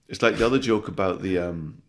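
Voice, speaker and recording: A man with a very low voice tells jokes in a relaxed podcast conversation. He talks in an animated, sweary way and keeps tagging his lines with "right?". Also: fairly quick. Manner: animated storytelling, sweary, with frequent "right?" tags. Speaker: comedian guest. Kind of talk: casual podcast chat, telling jokes.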